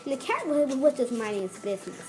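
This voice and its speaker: A host of a children's lesson reading a picture book aloud and explaining it slowly to kids, with restarts and asides. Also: high-pitched, sing-song, background noise.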